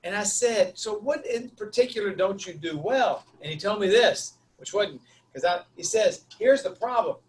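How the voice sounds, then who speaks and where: High-pitched man, college instructor, tells stories with lively acted-out quotes, faint noise behind. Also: normal speed. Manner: animated, acts out dialogue in a raised voice. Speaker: university instructor, guest speaker. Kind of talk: storytelling talk.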